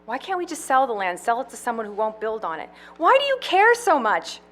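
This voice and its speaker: A woman reading the part of a hesitant, troubled man in a play, doubtful and soft-spoken. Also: fairly high pitch, wildly swooping pitch, fairly quick, voice pushed up.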